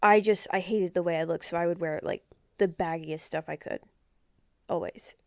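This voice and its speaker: A woman's voice: fairly low pitch, fairly even intonation, normal speed, a little mellow, dry recording, clean studio sound. A young woman chatting casually on a podcast, trailing off often and joking about herself. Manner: self-mocking, trailing off with frequent "like". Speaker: podcast guest. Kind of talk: casual chat.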